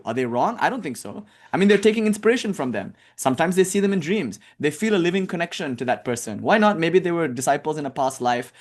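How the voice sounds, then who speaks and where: Chatty male spiritual teacher. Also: mid-range voice. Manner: conversational, animated storytelling with filler words. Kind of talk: casual lecture.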